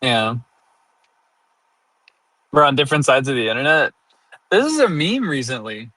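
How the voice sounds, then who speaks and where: A man's voice: medium pitch, very animated, moderate pace, bright, forceful tone, no room sound. A young man streaming live, rambling casually and laughing at his own jokes. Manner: rambling and self-amused, laughing often. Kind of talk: casual livestream chat.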